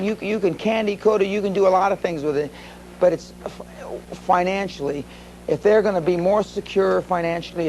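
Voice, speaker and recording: A man's voice: high-pitched, a little mellow, slight background noise, poor audio. An older American man speaking at a live seminar, telling stories in a blunt, profane way. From USA.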